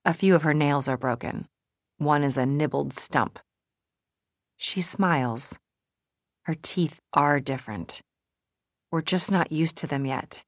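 A woman narrating a first-person novel in a measured, wry way. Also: sits low, no echo. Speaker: audiobook narrator.

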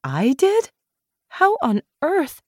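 Woman voicing a wary, sharp-tongued young woman. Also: fairly high pitch, sing-song, takes it slowly, dry recording, studio quality, voice pushed up, full character voice. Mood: firm, concerned.

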